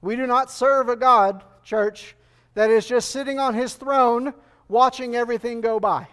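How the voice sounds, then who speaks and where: An earnest male preacher delivering a sermon with a notably high-pitched voice. He drives his points home by repeating phrases and putting rhetorical questions to the church. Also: steady tone, unhurried, a bit bright, smooth.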